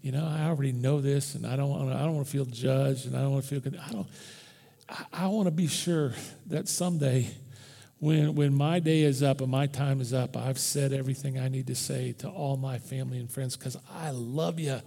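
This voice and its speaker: A man preaching an Easter sermon as pastor, conversational and impassioned, swinging from loud bursts to hushed near-whispers. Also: medium pitch, steady tone, fairly quick, gravelly, long reverb tail. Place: church.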